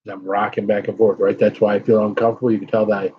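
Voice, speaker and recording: A man's voice: lowish voice, little pitch movement, very fast, highs cut off, background noise. A middle-aged man hosting a casual live stream, chatting with viewers and blowing out breaths while his mouth burns from hot peppers. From United States. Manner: sighing and blowing out breaths from chili burn.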